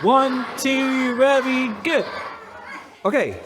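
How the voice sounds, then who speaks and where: Pastor, male, high voice, leads a clapping game with the congregation, playful and laughing. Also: extremely slow, noisy background. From United States. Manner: playful, laughing, counting in the crowd. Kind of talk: leading a congregation in a rhythm game. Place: church hall with a congregation.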